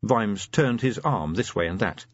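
A man narrating an audiobook in an expressive storytelling manner. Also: fairly low pitch, unhurried, no echo, muffled recording. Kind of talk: scripted fantasy narration.

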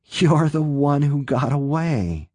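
A man's voice: fairly high pitch, animated, slow pace, mellow, dry recording, pitched above the performer's own voice. A tense, rumpled man with a rifle barks urgent orders in a noticeably raised, strained voice, as a male narrator puts him on. He snaps and warns, always pressing to hurry. The sound is close and dry. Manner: urgent, snapping, commanding.

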